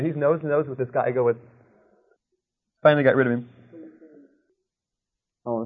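A male Christian preacher giving a teaching talk, telling anecdotes and checking in with his listeners with "okay?". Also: mid-range voice. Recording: narrow, tinny phone-like sound.

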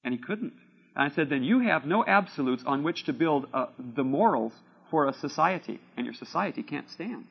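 A man preaching in a relaxed, conversational way who keeps checking in with his listeners. His voice sits a little high and has a gravelly edge, and the recording sounds dull and lo-fi. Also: normal speed. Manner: conversational, often asks "See?" and "Okay?". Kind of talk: sermon with personal anecdotes. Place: room with a live audience.

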